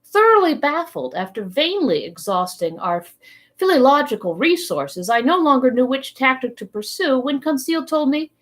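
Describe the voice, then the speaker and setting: A woman reading a novel aloud for a library program, narrating in the first person with expressive delivery. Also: sits high, normal speed. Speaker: library storytime reader.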